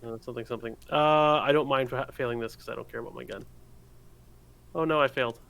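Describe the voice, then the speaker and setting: Man, casual podcast co-host, quick and jokey, bright-edged voice. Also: medium pitch, steady tone, vocal fry. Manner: quick, joking, thinking aloud. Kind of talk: casual game-play chat.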